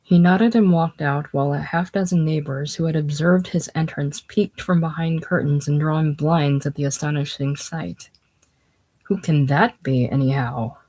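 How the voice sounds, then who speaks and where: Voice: mid-range voice, fairly even intonation, moderate pace, hardly any pauses, a little mellow, rough recording. Casual audiobook reader narrating a classic novel.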